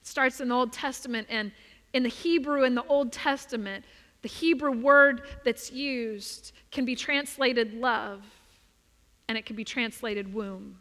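A woman preacher delivering a sermon built on a story, expressive and often dropping to soft emphasis. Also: on the high side, measured pace. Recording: long reverb of a large hall.

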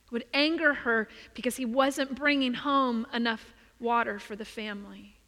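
A woman preacher tells a story in her sermon, expressive, often letting her voice drop soft for emphasis. Her voice is bright and a bit high. It rings out with the long reverb of a large church. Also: normal speed.

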